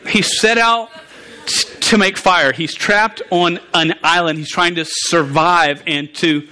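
A man's voice: fairly high pitch, fairly even intonation, sharp tone. A man preaching a conversational sermon, often stumbling and restarting words and asking the congregation questions. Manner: halting, frequent stumbles and restarts, asks the audience questions.

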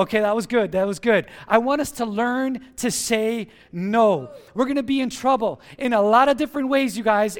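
A man preaching with a strikingly high voice and lots of energy. He punches key words and leads the congregation in call-and-response, counting them in. It sounds like a pastor rallying his church family. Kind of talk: sermon.

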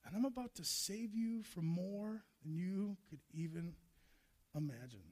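A man voicing God speaking tenderly and earnestly, at times soft and nearly whispered. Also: high voice, a little slow. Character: tender divine man, compassionate, intimate.

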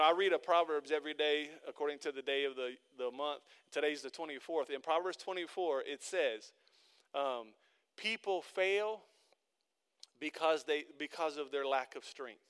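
Here a man preaches to his church congregation in a fairly bright, clear, resonant voice that sits on the high side. He relates everyday stories in a chatty way before rising into emphatic exhortations, said again and again.

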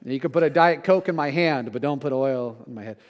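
A man's voice: mid-range voice, a little fast. A middle-aged man, a pastor, preaching a sermon in a conversational way, often checking in with "right?".

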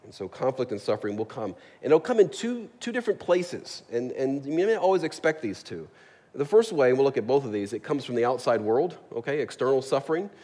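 A man's voice: mid-range voice, big pitch swings, fairly quick, dark tone. A man preaching a sermon in a church, in a casual, joking way, often checking in with the congregation. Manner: conversational, jokey, asks the congregation "right?". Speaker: pastor. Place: church sanctuary. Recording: long hall reverb.

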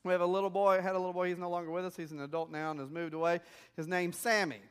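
A man's voice: sits high, little pitch movement, racing, clean tone. A man preaching a sermon as a missionary pastor, telling stories and asking the congregation questions in a conversational way. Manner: conversational storytelling with rhetorical questions.

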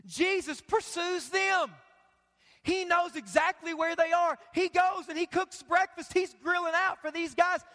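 A male pastor preaching a sermon, animated and humorous, swinging between loud bursts and hushed lines. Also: very high-pitched. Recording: long hall reverb.

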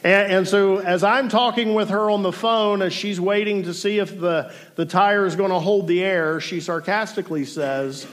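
A man in his forties, a pastor giving a sermon in an earnest, measured way with pauses and casual asides. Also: sits high, steady tone.

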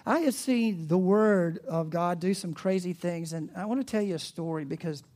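A pastor preaching a sermon, animated and asking the congregation questions, dropping to a soft, hushed voice in reflective passages. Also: medium pitch, moderate pace.

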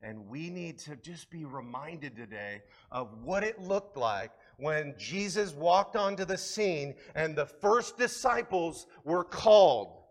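A man preaching a sermon as pastor, conversational and earnest, rising to emphatic peaks. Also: high voice.

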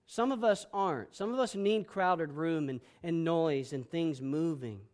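A man preaching a sermon as pastor, boisterous and emphatic, swinging between loud declarations and hushed, soft passages. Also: on the high side, unhurried.

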